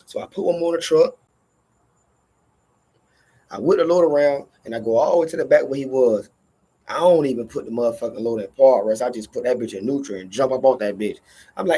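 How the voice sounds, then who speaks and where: A man telling a profane workplace story in casual storytelling style, animated and acting out every line of dialogue. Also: medium pitch, fast, breathy edge.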